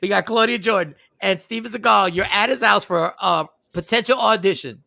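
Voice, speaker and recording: A man hosting a podcast, talking in loud, joking, hyped casual chat. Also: high-pitched, fairly quick, gravelly, no room sound, clean studio sound. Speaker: host.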